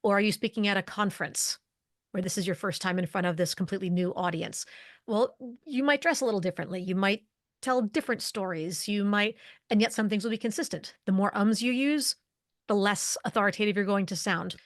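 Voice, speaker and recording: This leadership communication expert, a middle-aged woman, speaks fairly quickly in a mid-range voice while guesting on a conversational podcast interview. She lays out leadership presence articulately via chains of rhetorical questions, recorded dry with clean studio sound.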